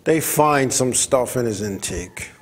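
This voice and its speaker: A man hosting a racing talk show, telling stories in a rambling, animated way, often stumbling over and repeating his words. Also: medium pitch, unhurried. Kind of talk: casual talk-radio storytelling.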